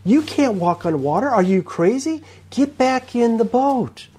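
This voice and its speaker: A preacher voicing scoffing doubters who mock and urge a believer to give up, in a raised, incredulous voice. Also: male voice, animated, unhurried, mellow, husky, heavily acted. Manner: mocking, incredulous, high-pitched.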